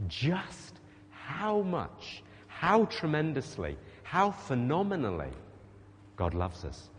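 A man's voice: mid-range voice, slight background noise. A man preaching a sermon, speaking emphatically and putting rhetorical questions to the congregation. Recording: long reverb of a large hall.

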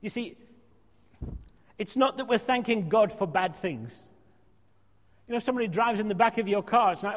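A man with a high voice preaches a sermon, repeating his phrases for emphasis and now and then dropping to a soft hush. He speaks in a church, and his voice rings with a long reverb. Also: normal speed, long pauses.

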